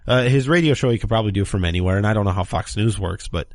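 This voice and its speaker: A man's voice: on the low side, racing, dry recording. Guy ranting on his political podcast, sarcastic, dry close mic sound. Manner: sarcastic, mocks opponents in put-on quotes. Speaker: talk show host. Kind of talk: political commentary monologue.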